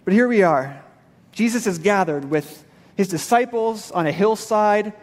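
A man's voice: high voice, animated, measured pace, long reverb tail. A male pastor giving a sermon in a church, casual and conversational with everyday slang. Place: church sanctuary.

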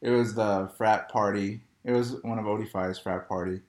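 A man's voice: on the low side, fairly even intonation, moderate pace, darkish tone. A young man, co-hosting a casual chat in a laid-back storytelling manner, laughing often. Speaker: podcast co-host. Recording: echoey room.

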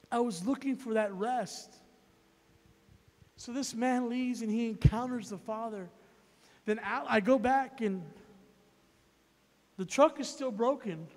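High-voiced preacher man in a reverberant hall. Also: unhurried, long pauses. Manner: emphatic, repetitive, builds to loud peaks. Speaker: evangelist preacher. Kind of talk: sermon storytelling.

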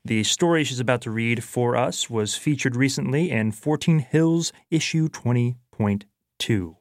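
A man's voice: mid-range voice, unhurried, no room sound, studio quality. Male radio host introducing a guest. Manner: formal, announcing. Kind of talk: scripted introduction. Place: radio studio.

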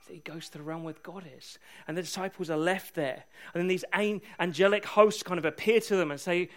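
Man, sermon, high-pitched, lively storytelling, humorous. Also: brisk, few pauses. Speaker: preacher.

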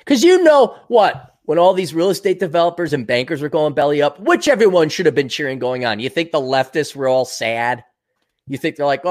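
A man hosting a podcast, giving a sarcastic, profane, combative rant on the news and mocking the people he talks about. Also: on the high side. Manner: mocking, laughs at his own jokes. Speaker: podcast host. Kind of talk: ranting news commentary.

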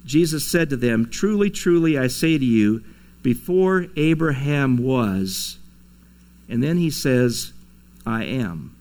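A man's voice: mid-range voice, animated, takes it slowly, darkish tone. A man preaching a sermon to his congregation, in a conversational way, chuckling now and then and acting out quoted lines. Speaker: pastor. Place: church sanctuary.

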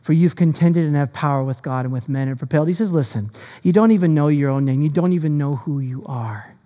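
A preacher voicing God, speaking soft and low to a struggling man with quiet reassurance. The voice has a mid pitch and echoes through a hall with a long reverb. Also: expressive, moderate pace, close to an everyday voice. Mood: tender. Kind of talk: sermon.

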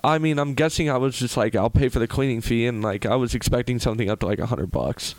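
A young man in casual chat, talking hesitantly with halting restarts. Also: mid-range voice, darkish tone, dry recording, low-quality recording.

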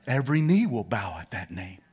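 A man preaching a sermon to a congregation in church, animated and calling for responses, dropping to a hush and rising to shouts. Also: fairly low pitch, fairly quick, breathy edge. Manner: animated, swings from hushed to shouting. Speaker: pastor.

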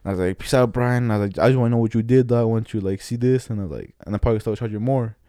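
A young man rattles off a story at high speed in a dark, mellow voice, close and dry with no room sound. His telling rambles through slang, restarts and voices of the people in it. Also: racing, no echo. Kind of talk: casual chat.

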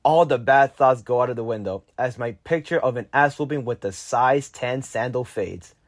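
A teenage boy reading a personal story aloud, lively and lifting his voice for his own quoted lines. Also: moderate pace, dry recording, clean studio sound. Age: teens. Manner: lively, jumps higher when quoting his younger self. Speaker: narrator.

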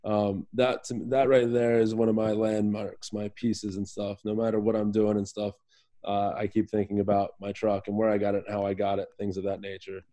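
Easygoing low-voiced man, mellow tone. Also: monotone, normal speed. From Virginia, USA. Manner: easygoing, rambling, many fillers. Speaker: podcast guest, professional soccer player. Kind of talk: casual interview chat.

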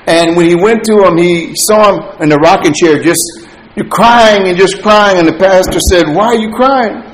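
A man preaching a sermon, telling stories with lively swings from quiet asides to loud, excited punchlines. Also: high voice, moderate pace, reverberant, a little hiss or hum, poor audio.

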